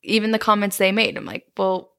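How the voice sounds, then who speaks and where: A woman's voice: mid-range voice, fairly even intonation, normal speed, a bit bright. A young woman co-hosting a casual podcast chat, talking candidly, swearing freely and acting out what others said. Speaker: podcast co-host.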